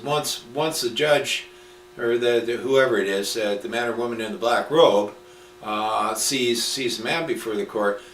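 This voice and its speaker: A man's voice: medium pitch, fairly bright tone. Profane man ranting in a roomy room. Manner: profane, emphatic, rambling with restarts. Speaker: speaker on common law. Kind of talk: casual rant. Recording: roomy, distant mic with mains hum.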